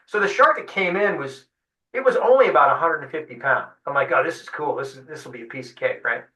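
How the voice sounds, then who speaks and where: Man, fishing guide, animated storyteller, slightly high bright voice, distant mic in an echoey room. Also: quick pace. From San Diego. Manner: animated storyteller acting out quotes. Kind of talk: storytelling in a webinar interview.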